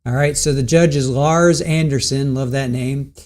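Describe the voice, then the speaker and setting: A man's voice: mid-range voice, fairly even intonation, moderate pace, darkish tone. A man hosting a casual livestream about a court trial, greeting chat viewers by name and recapping the case with many ums and restarts. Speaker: livestream host covering a trial.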